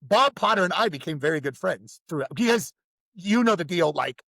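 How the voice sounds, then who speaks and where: A man's voice: high voice, lively intonation, moderate pace, gravelly, fairly bright tone, no echo. A man co-hosting a podcast, telling rambling, profane stories in a casual chat. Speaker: podcast co-host.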